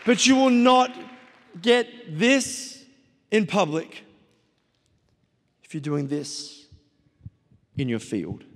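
A middle-aged pastor preaches a sermon in a fairly high, sing-song voice, pressing his points with repeated exhortations. He speaks very slowly with frequent pauses, and a faint crowd can be heard in the long reverb of a large church hall.

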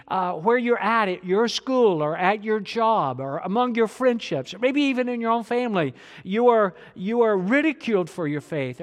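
A man preaching a sermon, reading scripture slowly and then pressing his points with rising emphasis. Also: sits high, long reverb tail. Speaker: pastor.

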